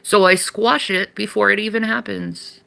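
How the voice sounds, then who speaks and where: A man's voice: high voice, fairly even intonation, normal speed, gravelly, bright, forceful tone, smooth. A man talking defensively on a live stream, justifying himself in a casual way. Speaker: streamer in a played clip.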